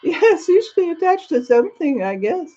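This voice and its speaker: A woman's voice: very high-pitched, sing-song, moderate pace, dark tone, dull audio, a little hiss or hum, voice pushed up. An older woman livestream host putting on an upper-class English accent to play a gracious, gushing elderly queen who calls viewers darling. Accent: put-on upper-class English. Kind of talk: live chat in character, greeting viewers. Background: faint background music.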